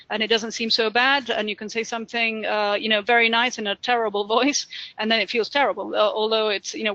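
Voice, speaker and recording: A man giving a career training webinar, talking fast with lots of ums and uhs. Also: high voice, bright, forceful tone, no room sound, lo-fi sound. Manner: talks fast with many fillers. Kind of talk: webinar presentation.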